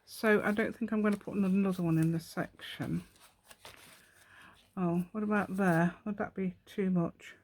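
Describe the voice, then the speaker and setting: A woman hosts a casual craft tutorial on her channel, her mid-range voice fairly even in intonation, at normal speed and darkish in tone. She's chatty and rambling, thinking aloud and talking to herself as she works.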